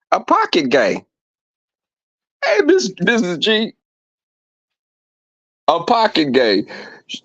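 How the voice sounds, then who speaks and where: High-voiced animated man, dull dry sound. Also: no echo. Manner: animated, profane, campy storytelling. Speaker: livestream host. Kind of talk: casual chat with viewers. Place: home.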